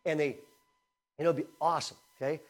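A man preaching a sermon in a conversational style, energetic and swinging between loud emphasis and quiet asides. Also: fairly high pitch, a little fast. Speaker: speaker at a camp teaching session.

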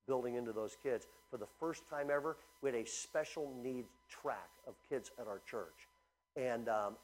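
A middle-aged man, a pastor, preaching a sermon with animated storytelling, full of fillers and restarts. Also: mid-range voice, breathy edge, rough recording.

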